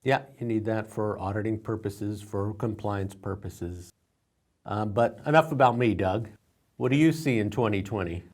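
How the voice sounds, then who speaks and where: A man co-hosting a casual chat as an industry analyst, speaking in a relaxed, measured way. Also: lowish voice. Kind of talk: casual discussion.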